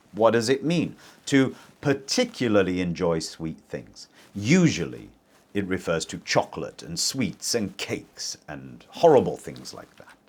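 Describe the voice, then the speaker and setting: Slow, very animated male English teacher. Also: on the low side, husky. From English-speaking country. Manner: very lively teacher intonation, slow deliberate pacing; models sentences for the learner to repeat. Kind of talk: IELTS pronunciation lesson.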